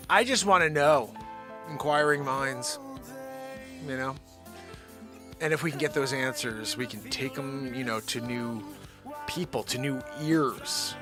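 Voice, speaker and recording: A man hosting his nightly live show, joking around and swinging between loud hype and low mutters. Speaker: host. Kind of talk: comedic live-stream banter.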